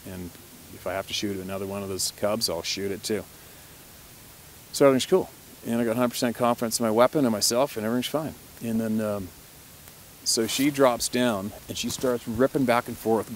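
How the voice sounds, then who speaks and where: A man, a hunting guide, telling a story in a relaxed, chatty way, laughing often and swearing mildly. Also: lowish voice, a little hiss or hum. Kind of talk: casual storytelling to camera.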